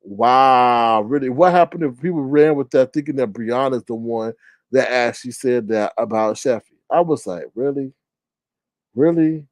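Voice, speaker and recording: A man in a casual livestream, giving animated, slangy commentary and often mimicking others in high voices. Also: moderate pace, no echo.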